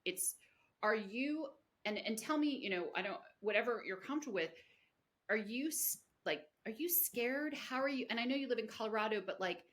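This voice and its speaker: A woman's voice: on the high side, lively intonation, moderate pace, a bit bright. A woman hosting a podcast interview, effusive and rambling with lots of filler. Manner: effusive, rambling, heavy on "you know". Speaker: podcast host. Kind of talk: conversational interview.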